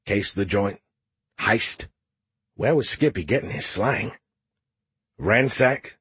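A man reads a science fiction audiobook with a wry, deadpan delivery. His voice is on the low side and a little husky. The recording is close and dry. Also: takes it slowly, long pauses, dry recording. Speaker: audiobook narrator. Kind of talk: scripted narration.

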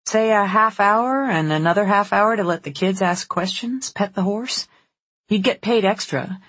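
An audiobook reader voicing a busy, determined young woman who runs a ranch, speaking in a brisk, practical way. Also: medium pitch, a bit bright, husky, no room sound, pitched above the performer's own voice. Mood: persuasive. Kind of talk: audiobook character voice.

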